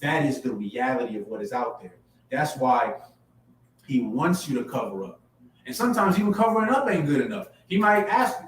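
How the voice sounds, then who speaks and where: A man's voice: mid-range voice, big pitch swings, moderate pace. Emphatic preacher man in an echoey room. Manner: emphatic, rising to forceful peaks, repeats phrases. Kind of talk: street-style sermon to a camera audience. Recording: echoey room, mic at a distance, faint background hum.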